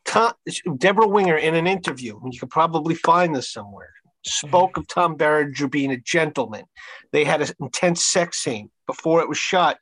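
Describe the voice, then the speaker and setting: A man co-hosting a casual chat, telling stories in a dry, deadpan way. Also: fairly high pitch, no room sound, poor audio. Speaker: podcast co-host.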